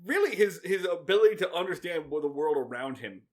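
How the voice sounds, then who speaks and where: A man's voice: on the high side, animated, fairly quick. A man co-hosting a podcast in casual, rambling, profane joking chat. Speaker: podcast co-host.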